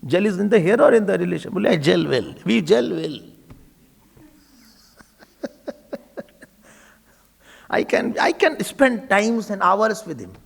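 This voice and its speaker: A man, giving a spiritual discourse in an animated, storytelling manner. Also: high voice, a little slow, vocal fry, pauses often, husky. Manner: animated, storytelling, laughing often. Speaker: spiritual teacher.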